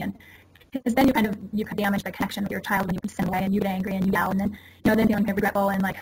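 A woman's voice: mid-range voice, little pitch movement, very fast, low-quality recording. A woman in her forties, a parenting consultant, explaining things in a casual, earnest way and acting out little quotes as she goes. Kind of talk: casual interview talk. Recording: audible background noise.

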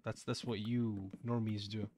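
A man's voice: fairly low pitch, little pitch movement, unhurried, a little mellow. A young man streaming a game and chatting casually, playful and teasing. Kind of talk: casual gaming stream chat.

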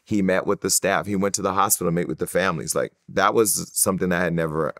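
A man from California, a guest in an interview, telling personal stories in an animated way and acting out the voices of others. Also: low voice, fast, dry recording, studio quality. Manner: animated storyteller who acts out quoted voices.

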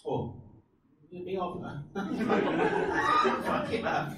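A man with a Malaysian English accent co-hosting a live comedy podcast, reacting with quick wisecracks. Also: high-pitched. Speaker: podcast co-host. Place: live show venue. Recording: very echoey live room, distant mic, loud background noise.

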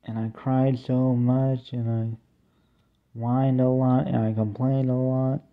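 A young man performing a homemade song, half sung and half spoken, in a plaintive, drawn-out way. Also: mid-range voice, clean tone. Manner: plaintive, slow, mostly flat talk-singing with drawn-out "ooh" cries. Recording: tinny phone-like recording.

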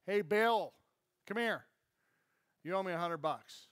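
A man's voice: high-pitched, moderate pace, no room sound, studio quality, close to an everyday voice. A man playing a poor day worker in a parable who begs for mercy and then turns harsh on others.

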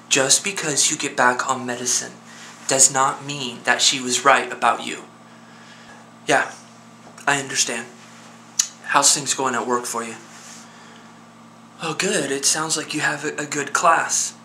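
A man's voice: fairly high pitch, bright, forceful tone, a little hiss or hum. A man acting as a worried friend in a one-sided phone call, talking earnestly and insistently to coax a despairing man to hold on.

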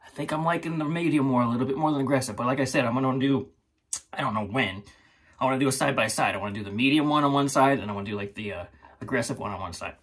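A man's voice: medium pitch, racing, fairly bright tone, husky. A man hosting his own shaving channel, chatting casually and rambling through a product review, laughing often.

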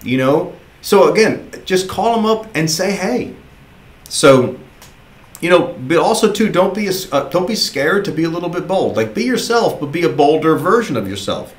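A man's voice: fairly high pitch, expressive, normal speed. Man coaching recruits in a roomy space. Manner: casual, encouraging, repeats himself. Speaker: sales recruiter trainer. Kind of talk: motivational training talk.

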